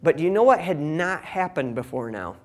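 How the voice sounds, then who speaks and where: This man, a Bible teacher, reads a passage aloud and offers casual commentary, voicing the quoted lines as different characters. He sounds on the high side, very animated, and a little fast.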